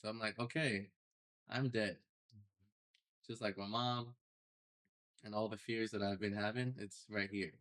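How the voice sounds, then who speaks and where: A young man, a podcast guest, telling his personal story in a casual, animated way with loose slang. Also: fairly low pitch, moderate pace. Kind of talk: storytelling interview.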